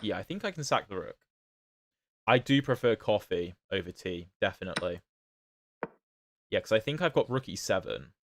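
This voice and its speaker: Man, British accent, chess livestream chatter, lowish voice, dry close sound. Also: big pitch swings, moderate pace, long pauses, no echo. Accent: British, not fully standard. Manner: chatty, answers chat questions while playing. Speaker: chess streamer. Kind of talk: casual livestream commentary.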